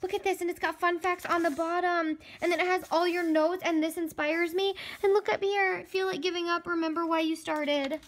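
Young woman fitness vlogger, high and excitable, gushing, casual to camera. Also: a little fast, few pauses. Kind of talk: casual vlog.

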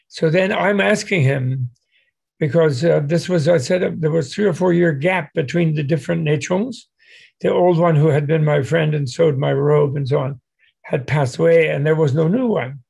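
A man's voice: fairly high pitch, creaky, a little mellow, husky. An older man telling a long, digressive anecdote casually as a guest speaker, with many restarts and chuckles.

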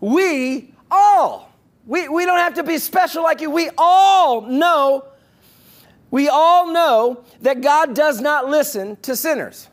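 Casting: haughty indignant religious elders, loud and high-pitched, voiced by a preacher. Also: male voice, takes it slowly. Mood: scornful. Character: huffy, arrogant male religious leaders.

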